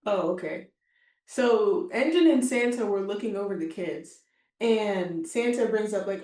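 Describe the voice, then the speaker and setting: A woman's voice: medium pitch, expressive, unhurried, a little mellow, roomy sound. A woman co-hosting a casual anime reaction chat, rambling along with many fillers and frequent laughs. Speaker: co-host.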